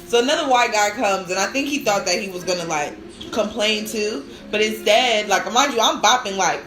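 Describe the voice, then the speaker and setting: A woman's voice: medium pitch, moderate pace, fairly bright tone, roomy sound, faint music behind, rough recording. A woman hosting a casual live stream, telling chatty stories full of "like" and bursts of laughter. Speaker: live-stream host and new lactation counselor.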